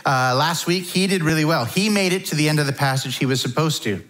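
A middle-aged man preaching a sermon to his church in a relaxed, conversational way, with frequent fillers. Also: a little high, brisk, low-quality recording. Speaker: pastor.

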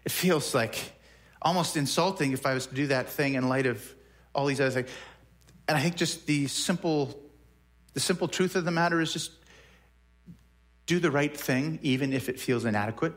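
A man's voice: fairly high pitch, moderate pace, pauses often. A man preaching a sermon in a conversational way, often repeating words as he works through a thought. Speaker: pastor.

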